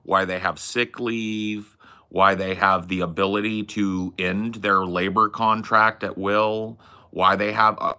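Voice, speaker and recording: A man's voice: fairly low pitch, pushed and bright. A young man hosting a stream, ranting at a chat member in a combative, mocking and profane way. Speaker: stream host arguing with chat. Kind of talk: heated stream rant.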